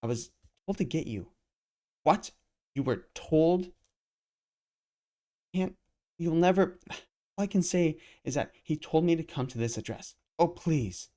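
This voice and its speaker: A man's voice: a little high, animated, measured pace, pauses often, dark tone, pitched above the performer's own voice. A man voicing a desperate teenage boy runaway in a comic reading, pleading in a raised voice.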